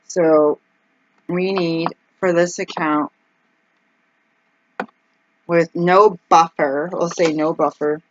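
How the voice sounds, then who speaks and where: A woman vlogging casually as she works through her budget out loud, anxious and rambling, with frequent ums and exclamations. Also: deep voice, muffled recording, a little hiss or hum. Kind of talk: casual vlog, thinking aloud over budget.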